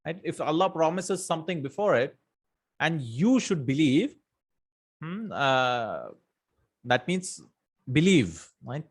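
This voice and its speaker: A man's voice: fairly high pitch, very animated, slow, pauses often, husky. A man teaching an Arabic grammar lesson in English, reciting verses and checking in with "right?" and "hmm?" as he explains. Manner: many fillers and self-corrections.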